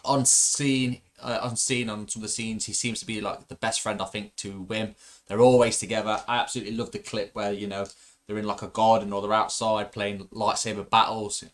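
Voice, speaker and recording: A man with a fairly low voice co-hosts a relaxed fan chat show. He talks eagerly, piling on fillers and restarting his sentences as he goes. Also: a little fast. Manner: enthusiastic, frequent fillers and restarts. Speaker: podcast co-host.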